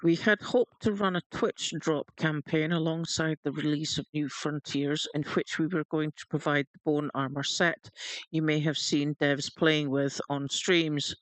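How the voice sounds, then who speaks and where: A man co-hosting a casual gaming livestream, jokey, reading announcements aloud at a steady pace. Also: a little high, a little slow, no echo, low-quality recording. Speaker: livestream co-host.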